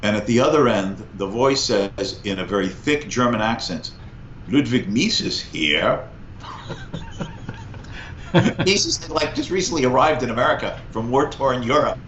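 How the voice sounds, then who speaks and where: A man in his sixties recounts stories as an interview guest, bringing lively emphasis to each anecdote. His voice sits at a middling pitch. The recording is echoey and a little muffled, with faint ambient hiss behind him. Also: fairly quick, few pauses. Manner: animated anecdote teller, lively vocal emphasis. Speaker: guest, economics professor. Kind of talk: storytelling in a conversational interview. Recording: echoey, slightly muffled room.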